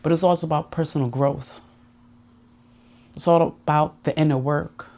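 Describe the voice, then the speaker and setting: A woman's voice: sits low, fairly even intonation, normal speed, dark tone. A woman hosting her own podcast, talking through personal growth in a heartfelt, confiding monologue. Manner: heartfelt, confiding, emotional at times. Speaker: podcast host.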